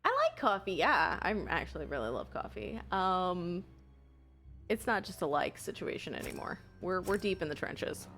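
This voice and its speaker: A young adult woman streaming a game, chatting casually with viewers, swearing and bursting out excitedly. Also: lowish voice, moderate pace, faint music behind. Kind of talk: casual live gameplay chat.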